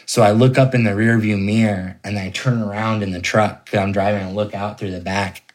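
A man's voice: fairly low pitch, steady tone, fairly quick. A young man telling a personal ghost story in an interview, rambling casually with lots of fillers. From California.

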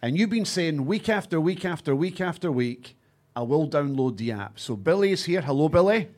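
A Scottish man hosts a football podcast. He steers the conversation steadily. His voice sits a little high. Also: moderate pace. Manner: steady, guiding, reads sponsor plugs. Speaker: podcast host. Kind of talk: podcast hosting.

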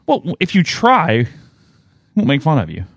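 A man's voice: fairly high pitch, wildly swooping pitch, moderate pace, dry recording, studio quality. A man co-hosting a casual sports podcast, teasing and ribbing his co-host.

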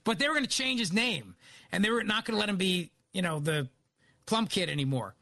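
A man with a Philadelphia accent hosting talk radio, delivering an animated, opinionated monologue. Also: high voice, a little fast, no room sound. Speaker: radio host.

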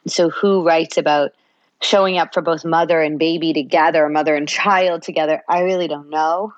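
A woman's voice: low-pitched, fairly even intonation, normal speed, no room sound, dull audio. A woman psychologist guest in a podcast interview, explaining at length and acting out little parent-child exchanges. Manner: warm explanatory, acts out parent-child dialogue.

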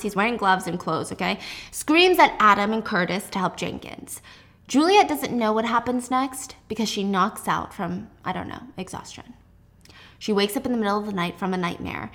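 A young woman hosting a casual book recap, telling the plot in a lively, chatty, sarcastic way. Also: medium pitch. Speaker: host.

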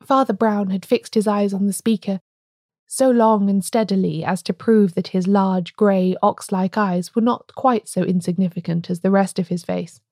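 A woman podcast host reading a classic story aloud in a measured way. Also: mid-range voice, fairly even intonation, darkish tone, dry recording, clean studio sound.

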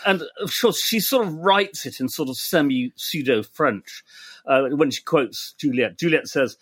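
Lively man reading archive highlights. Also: normal speed, breathy edge, no echo. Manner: lively, reading quotes aloud with playful voices. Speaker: podcast co-host. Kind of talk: casual podcast conversation.

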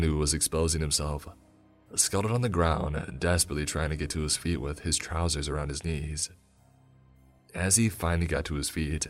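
A man with an extremely low voice narrates a tense first-person story. His delivery is steady and grave. Faint music runs underneath.

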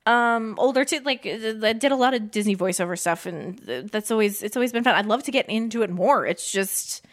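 A woman's voice: fairly high pitch, animated, brisk. A woman guest chatting casually on a podcast, telling stories with frequent laughter. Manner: laughs often, chatty storytelling. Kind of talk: casual chat.

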